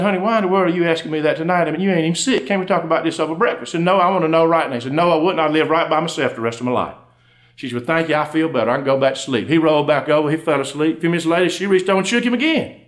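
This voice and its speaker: Brief: middle-aged Southern man, quick folksy stand-up storyteller, slightly high voice. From Georgia, USA. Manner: folksy drawl, quick storytelling, acts out both spouses in dialogue. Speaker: comedian and undertaker. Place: live stage before an audience.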